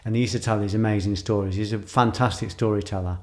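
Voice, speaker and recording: A writer and filmmaker speaking in a reflective personal monologue, intense and emotional, repeating phrases for emphasis. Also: male voice, fairly low pitch, fairly even intonation, quick pace, darkish tone.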